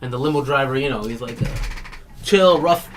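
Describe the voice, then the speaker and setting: A chatty card break host talks casually on a live stream and laughs often while retelling comedy bits. The voice sits at a middle pitch. Steady background noise and clicks run under the stream. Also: a little fast.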